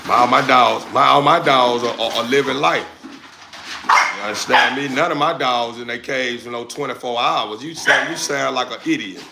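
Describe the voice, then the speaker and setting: A man on a livestream, loudly and confrontationally answering viewers in casual slangy talk, recorded without a lapel mic. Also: medium pitch, normal speed, creaky, heavy background noise. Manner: loud, confrontational, repetitive, slangy. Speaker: dog breeder streamer answering chat. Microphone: no lapel mic, phone or camera mic.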